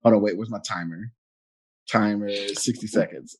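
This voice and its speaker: Husky male host, playful, casual chat, restless repetitions. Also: on the low side, steady tone, normal speed, darkish tone. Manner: playful, laughing, repeats words. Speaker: podcast host.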